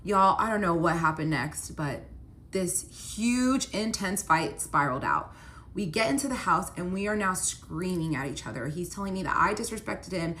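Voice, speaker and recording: Her mid-range voice is animated and a bit bright, moving at a normal speed. Chatting casually through a personal story, this young woman leans on "like" fillers and performs the dialogue she quotes.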